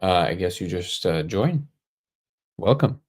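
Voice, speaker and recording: A man hosting a casual livestream, answering viewer comments in a relaxed, joking way and thinking aloud as he goes. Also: sits low, unhurried. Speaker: livestream host.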